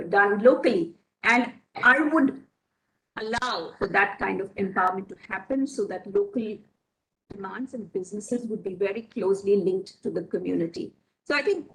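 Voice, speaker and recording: A woman panelist on a video call, laying out a plan point by point in a measured, methodical way. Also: medium pitch, creaky, rough recording. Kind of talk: panel discussion answer.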